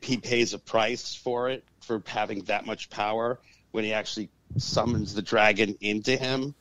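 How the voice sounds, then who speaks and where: A man being interviewed as a guest shaman and exorcist, telling stories in an excitable, profane way. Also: on the low side, normal speed, no echo, low-quality recording. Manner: profane and excitable, acts out the voices in his stories. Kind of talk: animated storytelling in a podcast interview.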